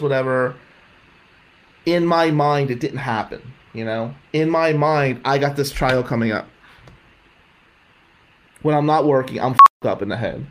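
A man's voice: mid-range voice, sharp tone, low-quality recording. A man telling his own life story with candor, rambling and swearing when upset, a faint hiss behind him. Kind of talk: emotional personal storytelling. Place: jail visiting room.

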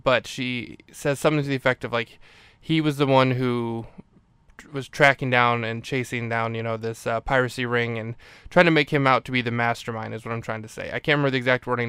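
Guy rambling through a movie recap, smooth clear voice, dry close mic. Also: medium pitch, fairly even intonation, quick pace, fairly bright tone, no echo. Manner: rambling, self-correcting recap. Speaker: podcast host.

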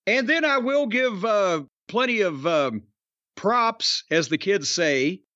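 A man's voice: high-pitched, animated, takes it slowly, pushed and bright, no echo, lo-fi sound. A man hosting a wrestling podcast, talking bluntly and profanely with emphatic stresses. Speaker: podcast host reviewing wrestling. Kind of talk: casual podcast chat.

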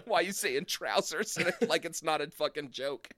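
A man's voice: a little high, lively intonation, measured pace, sharp tone, no room sound. A man co-hosting a podcast in casual comedic chat, laughing often and swearing freely. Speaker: podcast co-host.

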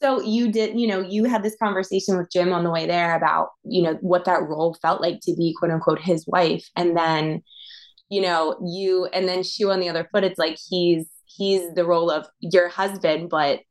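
A woman with a lower-pitched voice talking as a podcast guest. She reflects aloud, restarting sentences and circling toward questions. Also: steady tone, moderate pace. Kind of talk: casual chat.

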